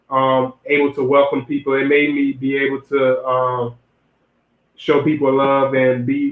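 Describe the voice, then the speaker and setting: Man streaming advice over a tinny, roomy line. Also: medium pitch. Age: young adult. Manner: rambling, repeats and restarts phrases, addresses chat directly. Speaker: livestream host giving zodiac relationship advice. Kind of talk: casual livestream talk to viewers. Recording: roomy, phone-like lo-fi audio.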